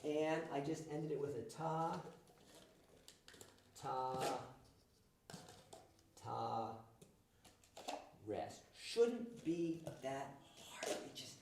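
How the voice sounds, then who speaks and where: A man's voice: fairly high pitch, background noise. A man leading a music workshop, demonstrating rhythms by chanting and counting aloud for a group. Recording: echoey room, from a distance.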